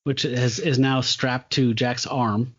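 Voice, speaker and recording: A man's voice: mid-range voice, steady tone, slow, muffled recording. Enthusiastic man recapping a comic. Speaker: comic book podcast co-host. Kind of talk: casual chat.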